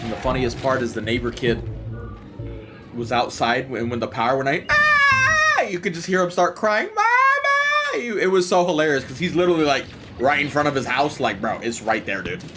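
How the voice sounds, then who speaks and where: A man's voice: mid-range voice, a little fast, music in the background. A man streaming a game live, telling a story in casual, profane chat and laughing as he goes.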